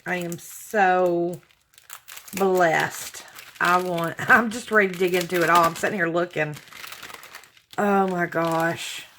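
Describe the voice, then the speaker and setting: Brief: female vlog host, unhurried, sentimental, gushing over gifts, faint background hiss. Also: fairly low pitch, steady tone, fairly bright tone. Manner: gushing, sentimental, exclaims often. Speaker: channel host opening viewer gifts. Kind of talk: casual unboxing chat to viewers.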